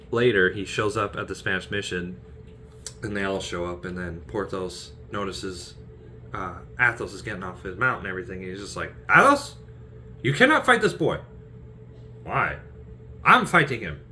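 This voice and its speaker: A man's voice: sits low, moderate pace, pushed and bright, a little hiss or hum. A man chatting casually and animatedly about favorite film scenes, laughing often. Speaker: aspiring actor vlogger.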